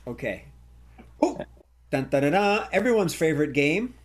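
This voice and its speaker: Male emcee, bright lively delivery, slightly high, faint background hiss. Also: moderate pace. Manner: lively, laughing, joking emcee. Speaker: host of improv comedy show. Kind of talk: hosting live online improv. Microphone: video call.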